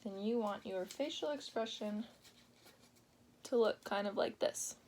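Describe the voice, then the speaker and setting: A young woman giving an informal class presentation, explaining plainly with pauses and the filler "like". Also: mid-range voice, a little mellow, a little hiss or hum. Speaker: student presenting a project.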